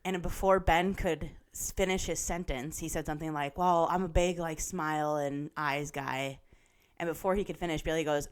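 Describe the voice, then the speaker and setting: A young woman co-hosting a chat podcast, retelling reality TV drama in a gossipy, animated way with lots of "like" and swearing. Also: sits low, moderate pace, clean tone. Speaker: podcast co-host. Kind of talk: casual chat.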